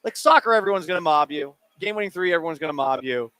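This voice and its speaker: This is a man's slightly high voice, racing along with no room sound. He runs a sports radio show in a studio, bantering casually over listeners' questions, animated and joking and eating while he talks into a studio microphone.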